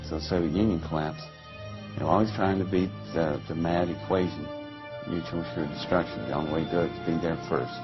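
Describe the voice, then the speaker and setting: A man being interviewed, telling a long story in a lively way and acting out the voices of people he quotes. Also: low voice, brisk, dull audio, music in the background. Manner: animated, acts out quoted voices. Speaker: interview guest.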